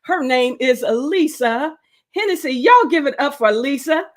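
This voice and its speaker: A bubbly woman hosts a live crafting stream. Her voice sits high, and she calls everyone honey with big, animated energy. She talks casually into a home webcam microphone. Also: measured pace. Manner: exuberant, calls viewers honey, breaks into song. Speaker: host of a crochet livestream.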